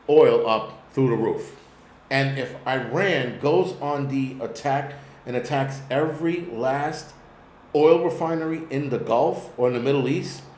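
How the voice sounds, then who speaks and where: Medium-pitched and a little mellow, this New York-accented man hosts a live-stream commentary, ranting bluntly with plenty of profanity as he wanders off topic. The room sounds echoey, with slight background noise.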